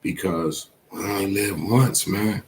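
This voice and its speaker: A man's voice: low voice, measured pace, slight background noise. A man hosting a show, speaking in a heartfelt, preachy casual monologue with a habit of saying "man" often. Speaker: host.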